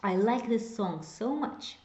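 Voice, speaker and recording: A woman's voice: a little high, animated, darkish tone, roomy sound, muffled recording. A woman teaching a beginners' language lesson, explaining step by step and repeating example phrases. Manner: explains slowly, repeats example phrases, whispers some words to demonstrate. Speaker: Hebrew teacher.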